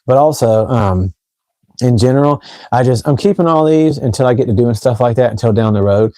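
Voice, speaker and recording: Fragrance host, man from Tennessee, light Southern accent, rambling chatty live-stream talk, mellow voice, dry room. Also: medium pitch, expressive, fairly quick, no echo. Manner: rambling, chatty, talks straight to viewers. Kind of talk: casual live stream chat. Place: room at home.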